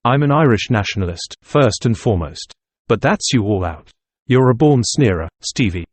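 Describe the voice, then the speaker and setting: A man's voice: mid-range voice, animated, normal speed, dry recording, natural voice. A man voicing a simple, earnest young male student nationalist who talks in a plain, homely way, in an audiobook reading. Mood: chiding.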